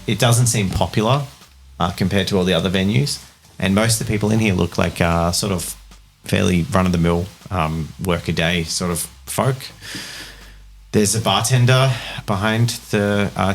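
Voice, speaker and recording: A man narrating a tabletop game as game master, relaxed and rambling. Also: deep voice. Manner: relaxed, rambling, with many fillers.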